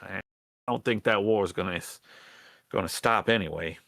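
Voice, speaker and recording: A man's voice: deep voice, moderate pace, creaky, pushed and bright, no echo, studio quality, heavily acted. A man voicing an earnest female rat rebel who pleads for allies, in a hesitant folksy drawl full of restarts. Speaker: game master. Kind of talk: in-character role-play in a tabletop game.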